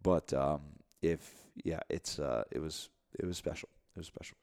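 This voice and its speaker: A man in his thirties in casual chat, telling a story with many halting restarts. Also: rumbling low, a little mellow.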